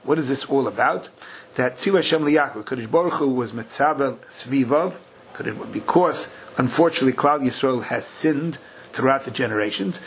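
A man teaching a Talmud study class, chanting Aramaic and Hebrew slowly and then translating it in a lively way. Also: medium pitch, husky, rough recording.

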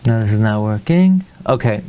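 A man teaching a Torah class. He asks rhetorical questions and pauses with fillers while he looks for the next word. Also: fairly low pitch, animated, mellow, clear, resonant tone.

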